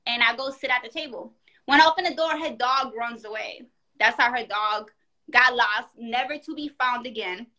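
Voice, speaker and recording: Woman guest, high bright voice, tells a rowdy story in casual chat and acts out every quote. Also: moderate pace. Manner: animated, profane storytelling with acted-out quotes.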